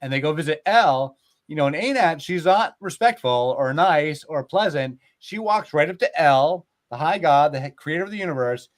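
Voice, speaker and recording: A man's voice: on the high side, moderate pace. Chatty man retelling myths. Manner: animated retelling of myths, filler-heavy. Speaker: podcast host. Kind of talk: casual storytelling chat.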